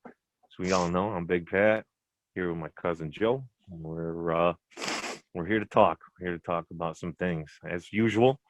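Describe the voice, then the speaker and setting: Deep-voiced rambling male podcast host. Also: moderate pace, a little hiss or hum. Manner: rambling, swears freely, restarts sentences. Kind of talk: casual chat.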